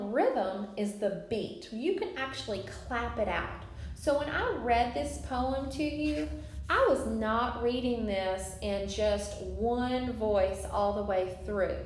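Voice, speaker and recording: Slow, echoey woman teacher. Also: a little high, slight background noise. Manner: slow, clear teaching with stressed syllables. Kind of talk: recorded classroom lesson. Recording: echoey room.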